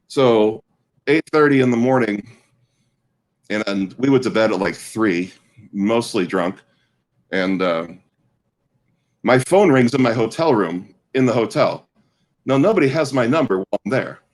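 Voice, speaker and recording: A man's voice: medium pitch, rough recording. A man in his forties from the American Midwest, casually telling a long, rambling anecdote as a guest, often restarting his sentences. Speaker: guest storyteller. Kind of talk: casual chat.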